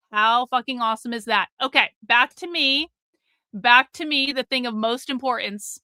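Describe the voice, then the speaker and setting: Here a middle-aged host with a bright, high-pitched voice runs a casual livestream, telling off her chat viewers in blunt, profane terms. The audio is close-miked and dry, without any room sound.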